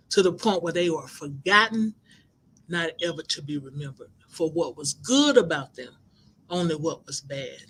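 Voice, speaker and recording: A middle-aged woman, a life coach and minister, telling inspirational stories in an animated, expressive way. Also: on the low side, breathy edge. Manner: animated, expressive, acts out quoted voices. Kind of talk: inspirational storytelling broadcast.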